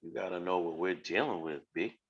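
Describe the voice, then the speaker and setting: A man's voice: low voice, fairly quick, muffled recording. A man hosting a live stream, explaining his teachings in a blunt, casual way with rhetorical questions and swearing.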